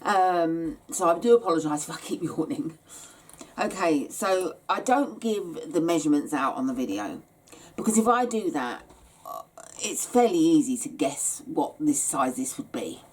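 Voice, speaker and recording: A woman's voice: deep voice, lively intonation, normal speed, darkish tone, husky. A tired woman giving a chatty, rambling sewing tutorial, yawning and hesitating as she explains her steps. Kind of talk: casual step-by-step craft tutorial.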